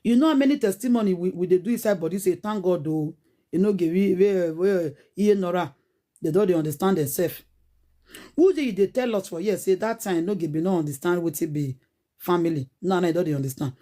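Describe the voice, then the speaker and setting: Nigerian woman, 40s, warm low-bright tone, preachy pidgin rant. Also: fast. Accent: Nigerian Pidgin English. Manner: preachy, scolding, rhetorical questions. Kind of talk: animated casual rant.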